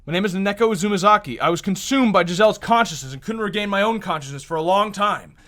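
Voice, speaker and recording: A man's voice: high-pitched, fast, fairly bright tone, pitched above the performer's own voice. A man reading a game aloud, voicing a timid, lonely young woman in an earnest, anxious way.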